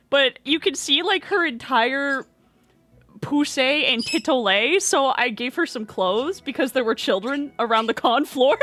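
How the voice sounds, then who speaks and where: A young woman streaming, chatting excitedly and cooing to her pet bird. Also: high-pitched. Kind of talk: casual chat on stream.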